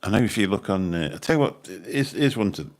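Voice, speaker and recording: A channel host from Birmingham, England, with a Birmingham accent rambles casually while chatting with viewers on a livestream, swearing mildly along the way. His voice is lowish and darkish in tone, expressive, and quick-paced.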